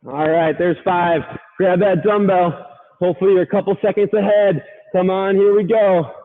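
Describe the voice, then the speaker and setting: A man leads a live workout with a high, bright voice, counting reps and cheering the listener on. He gets winded between rounds. The sound is thin and tinny, like a phone line. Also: fairly even intonation, normal speed. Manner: upbeat, counting reps and urging on. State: out of breath at times. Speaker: fitness coach.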